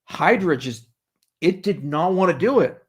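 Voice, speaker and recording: A man's voice: fairly high pitch, animated, a little slow, breathy edge. A man hosting a casual livestream Q&A, reading viewer questions and answering in a sarcastic, joking way with frequent swearing.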